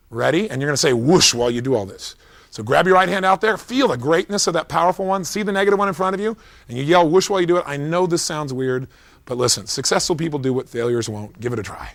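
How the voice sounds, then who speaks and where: A man coaching a seminar crowd through a visualization drill, his voice sitting a little high. He gives firm, coaxing instructions that climb into energetic shouts. The sound is dry and close. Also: fast, no room sound.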